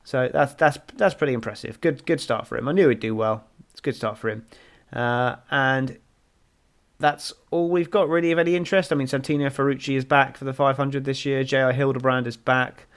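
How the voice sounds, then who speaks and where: A man's voice: medium pitch, fairly even intonation, a little fast. A man co-hosting a casual motorsport podcast, rambling through results with plenty of ums and restarts. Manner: rambling, runs through standings with many fillers. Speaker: podcast co-host.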